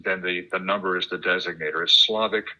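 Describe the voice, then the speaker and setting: A low-voiced man chats as an interview guest, animated and talkative. His tone is sharp and bright. The sound is dull and lo-fi, like internet call audio. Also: fast. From United States. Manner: chatty, animated, laughs while imitating sounds. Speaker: guest, radio enthusiast and author. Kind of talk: casual interview conversation.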